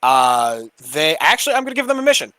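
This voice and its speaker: A man's voice: on the high side, sing-song, quick pace, pushed and bright, clear, resonant tone, no room sound, low-quality recording. A man playing a tabletop game, thinking aloud with hesitations as he decides his moves. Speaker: player.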